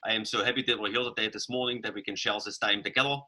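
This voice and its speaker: A man imitating an older German church elder who speaks English with a Saxon accent, softening every consonant in a formal greeting. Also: fairly low pitch, steady tone, very fast. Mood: formal welcome. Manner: soft consonants, ceremonious greeting.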